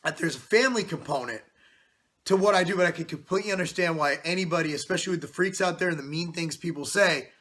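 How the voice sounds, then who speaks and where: A man in his forties vlogging from his home basement, loud and passionate, a bit out of breath with a stuffy nose, full of "you know" fillers. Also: fairly high pitch, fast talker. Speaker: fitness channel host. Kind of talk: casual vlog talk to camera.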